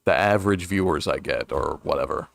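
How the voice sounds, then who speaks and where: A man's voice: extremely low pitch, brisk, creaky. A male streamer chatting casually during a game, rambling with restarts and frequent chuckles. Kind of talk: casual let's-play chat.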